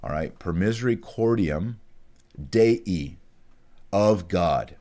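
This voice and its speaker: Low-voiced male teacher, casual online lesson, slow careful Latin enunciation with conversational asides. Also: warm tone. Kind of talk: casual online lesson, reading and explaining prayers.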